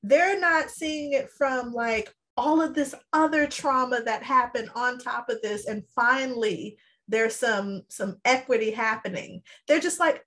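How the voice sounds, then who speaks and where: Woman, high pitch, podcast co-host, casual chat. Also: a little slow, a bit bright.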